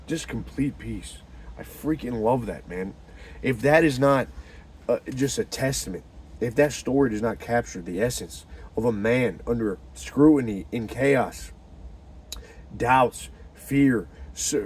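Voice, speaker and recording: A man giving a profane, animated religious pep talk, swinging from loud fired-up bursts to low hushed murmurs. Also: breathy edge. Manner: profane and slangy. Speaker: motivational talker.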